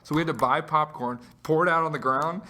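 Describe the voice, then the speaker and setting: A man's voice: fairly high pitch, brisk, pushed and bright. A young man in his late teens, co-hosting a casual podcast, telling a story with lots of laughs, "like"s and acted-out voices. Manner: laughs while telling, acts out voices, many likes. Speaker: podcast co-host.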